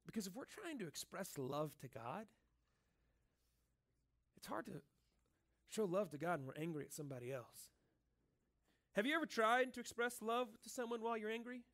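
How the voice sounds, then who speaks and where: High-pitched male pastor, casual and earnest sermon in a church, conversational with lots of "like". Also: very animated, moderate pace, long pauses, a bit bright. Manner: casual and earnest, filling speech with "like" and "right?".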